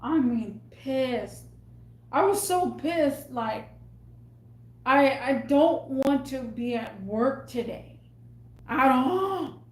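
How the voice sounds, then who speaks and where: Venting casually to viewers, a young vlogger rambles her way through an exasperated rant in a slow, slightly mellow, fairly high voice. The sound echoes off the walls of a room in her home.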